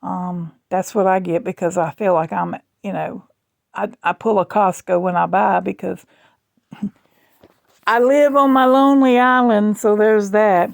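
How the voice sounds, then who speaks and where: A woman chats at home for her vlog in a slow, drawling ramble. Her voice is gravelly with fry, and it sounds dry and close. She talks in a loose, chatty way. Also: medium pitch, no echo. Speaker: vlogger. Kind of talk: casual chat.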